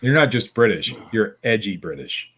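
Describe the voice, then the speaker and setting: A man on a casual podcast, reading strange news items aloud with a deadpan, mocking edge. His voice sits fairly low, and he keeps slipping in sarcastic asides between lines. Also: normal speed, slightly rough. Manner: dry, sarcastic, laughs while reading. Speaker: podcast co-host.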